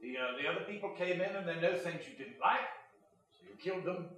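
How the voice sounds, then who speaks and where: A short, clean-shaven peasant courtier, deferential and flustered, as a man improvises him. His voice is high and lively, swinging up and down. It is heard from far off in a roomy theater, with an audience laughing behind. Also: quick pace, a little hiss or hum. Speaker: improv comedian. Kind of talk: live improv scene. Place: small improv theater stage.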